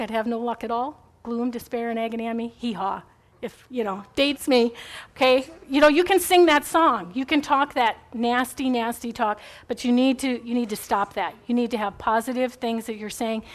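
A middle-aged woman giving a chatty, rambling faith talk to a group, encouraging and full of asides. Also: fairly high pitch.

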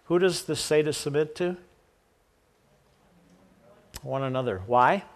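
A man's voice: a little high, unhurried, long pauses. A man preaching a sermon, reading scripture aloud and then explaining it casually with jokes and asides to the congregation. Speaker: pastor.

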